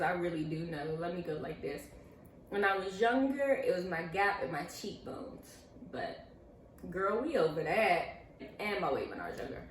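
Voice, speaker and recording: A young woman vlogger answering viewer questions, telling stories in a lively, chatty way and acting out the voices of the people in them. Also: fairly low pitch. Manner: animated, chatty, acts out quoted voices. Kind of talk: casual storytelling Q&A. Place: indoors at home, seated with a pillow. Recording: echoey room, mic at a distance, faint hiss.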